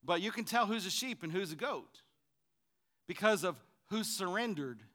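A male preacher with a high, bright voice delivers a lively sermon. He calls the congregation to answer him back. He swings between fervent, loud passages and hushed, conversational asides. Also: normal speed. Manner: call-and-response preaching, swinging from shouts to quiet asides.

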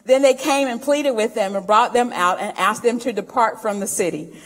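A woman preaching in a church, telling homespun stories and drawing out scripture verses slowly. Her voice sits slightly high and laughs come easily. The sound hangs in a long reverb. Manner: folksy storytelling, laughing often, drawn-out scripture reading. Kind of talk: sermon.

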